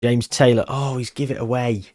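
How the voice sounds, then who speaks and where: A man giving excitable, nervous live commentary on a game he is playing. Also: medium pitch, normal speed. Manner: excitable, nervous, reacting loudly to match moments. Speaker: gaming channel host.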